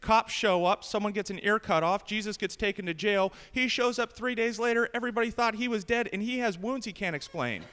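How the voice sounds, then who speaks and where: Brash high-voiced male stand-up comic. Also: brisk, few pauses, bright, forceful tone, smooth, in a large hall. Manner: brash, punchy joke delivery. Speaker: stand-up comedian. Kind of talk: stand-up comedy set. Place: comedy club stage with live audience.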